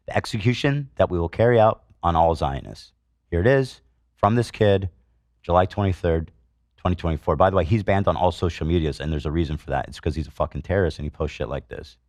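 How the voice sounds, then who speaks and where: A man's voice: sits low, a little fast, no echo, clean studio sound. A middle-aged man hosting a podcast, delivering an indignant, swearing commentary monologue and reading comments aloud with sarcasm. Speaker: podcast host.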